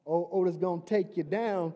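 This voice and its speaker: A preacher putting on a cocky old security guard. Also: male voice, sits high, moderate pace, mellow, lightly acted. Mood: taunting. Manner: drawling, taunting.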